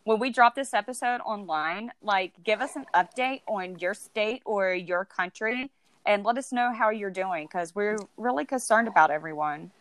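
A woman co-hosting a casual podcast, playful and quick to laugh. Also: mid-range voice, dry recording. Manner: playful, laughs often, animated. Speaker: podcast co-host. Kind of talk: casual chat.

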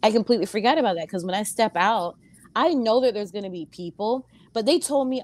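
A woman who wrestles and sings, a guest on an interview show, telling stories casually and acting out other people's voices. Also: fast talker. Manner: animated, acts out voices with big pitch jumps. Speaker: pro wrestler and singer, guest.

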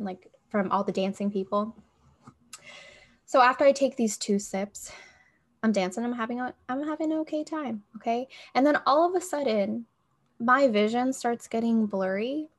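A young woman co-hosting a podcast, telling a story in casual chat, animated and profane, acting out quotes. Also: mid-range voice. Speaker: podcast co-host.

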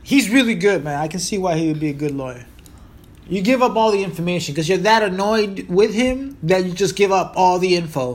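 A brisk, high-voiced man in his thirties from Puerto Rico hosts a podcast. He speaks with a Puerto Rican accent, delivering a rambling, joking, profane casual monologue.

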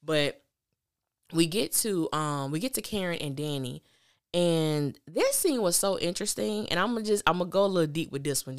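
Animated woman host, low voice. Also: clean tone. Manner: animated, opinionated, quick swings of pitch. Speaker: podcast host recapping a TV drama. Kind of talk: casual recap commentary.

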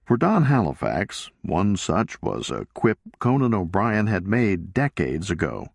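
A man reading a novel aloud as an audiobook narrator, in a measured, deliberate way. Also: low voice, big pitch swings, vocal fry, no echo, clean studio sound. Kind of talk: scripted narration.

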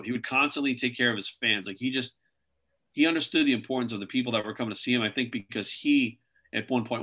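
A man's voice: mid-range voice, pushed and bright. A man telling stories as an interview guest, rambling and filling his talk with "like" and "you know". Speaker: interview guest, video creator. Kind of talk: casual interview storytelling.

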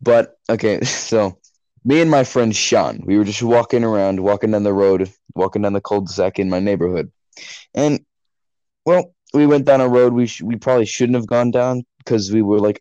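A man's voice: lowish voice, moderate pace, mellow, no echo, highs cut off. Rambling teenage guy telling a story. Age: late teens. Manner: rambling, profane, laughing storyteller. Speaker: podcast host. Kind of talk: casual storytelling chat.

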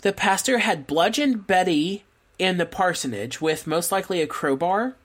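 A woman's voice: on the low side, normal speed. A woman co-hosting a podcast, telling a true crime case in casual chat, laughing and adding asides as she goes. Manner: laughs often, relaxed storytelling with asides.

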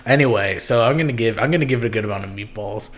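A man's voice: fairly low pitch, rapid-fire. A young man hosting a casual podcast chat, rambling with lots of ums and giggles. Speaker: podcast host.

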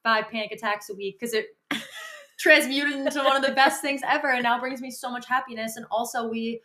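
A woman's voice: fairly high pitch, fairly even intonation, fairly quick, pushed and bright. Heartfelt, emotional woman co-host. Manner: emotional, heartfelt, swears casually. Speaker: podcast co-host. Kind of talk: casual chat.

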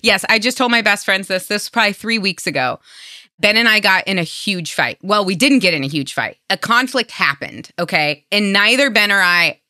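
A woman in her thirties hosting a podcast, chatting casually and telling animated stories. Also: medium pitch, normal speed, no echo, studio quality. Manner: expressive storyteller, acts out voices. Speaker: podcast host. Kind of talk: casual conversation.

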